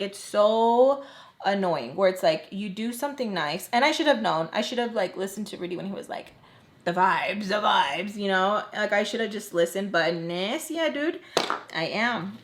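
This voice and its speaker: A woman's voice: medium pitch, lively intonation, moderate pace. A young woman vlogger chatting casually through a storytime while doing her makeup, full of "like" and acted-out quotes. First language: English. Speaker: beauty vlogger.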